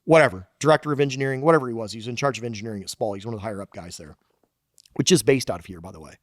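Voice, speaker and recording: A man's voice: medium pitch, very fast, no room sound, clean studio sound. A man talking as a podcast guest, a loose storyteller who swears casually. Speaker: guest engineer and shop founder.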